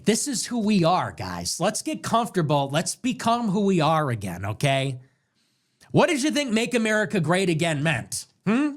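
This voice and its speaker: A man hosting a livestream, delivering an emphatic, declamatory political monologue that builds to shouts. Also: high voice. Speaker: livestream host.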